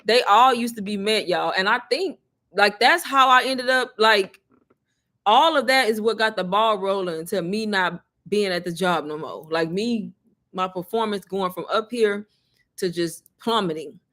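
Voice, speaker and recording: A woman, casually telling her viewers a story, chatty and animated, often laughing. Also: mid-range voice, unhurried. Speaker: online business creator.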